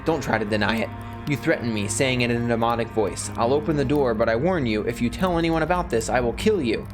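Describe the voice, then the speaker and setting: A man's voice: mid-range voice, fast, music in the background, lightly acted. Brief: a man reading a cruel, grudge-holding young woman, threatening with relish. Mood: accusing. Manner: cold, gleefully threatening. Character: vengeful menacing young woman.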